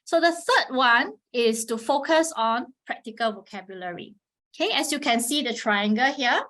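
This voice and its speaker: Speaking at a normal speed, this webinar presenter teaches about Chinese instruction in a patient, teacherly way. She keeps asking "all right?" to check in, and her modeled Mandarin tones jump sharply in pitch.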